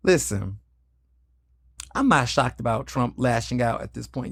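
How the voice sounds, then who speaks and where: A man hosting a solo podcast, talking in a candid, sassy way, swearing freely and swinging his pitch up and down. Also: very animated, measured pace, vocal fry, pauses often, fairly bright tone, dry recording, clean studio sound. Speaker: podcast host.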